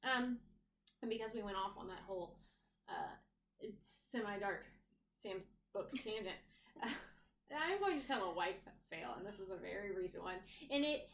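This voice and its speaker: A woman's voice: medium pitch, expressive, moderate pace, fairly bright tone, reverberant, slight background noise. A woman in her thirties co-hosting a podcast, chatting casually and laughing often as she tells stories. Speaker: podcast co-host. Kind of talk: casual chat.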